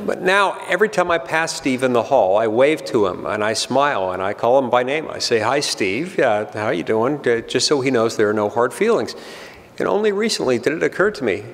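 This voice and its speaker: Middle-aged male speaker, gravelly, dry self-deprecating humor, reverberant hall. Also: medium pitch, lively intonation, brisk. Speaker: senator giving a speech. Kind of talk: humorous public speech.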